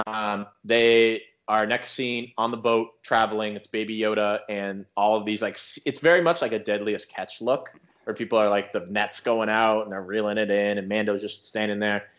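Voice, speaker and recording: A man co-hosting a casual podcast, recapping an episode in a rambling, animated way with lots of filler words. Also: fairly low pitch, moderate pace, muffled recording. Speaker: podcast co-host.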